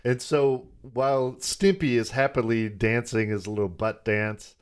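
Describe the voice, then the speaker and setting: A man co-hosting a podcast, recapping cartoon episodes in casual chat with wry, deadpan jokes. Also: mid-range voice, unhurried, smooth. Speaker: podcast co-host.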